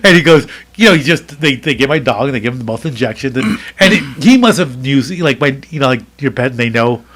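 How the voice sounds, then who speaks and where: A middle-aged man, a podcast co-host, telling a story in casual chat, animated and rambling with lots of fillers and restarts. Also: mid-range voice, fast, hardly any pauses.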